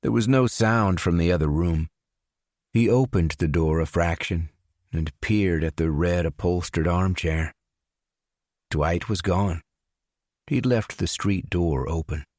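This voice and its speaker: A man narrates a suspense audiobook in a very low, deep voice. He reads slowly and with care, giving each character a voice. The recording is dry and close, with no room sound. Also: darkish tone, dry recording. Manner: measured, unhurried reading with voiced dialogue. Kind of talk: scripted narration.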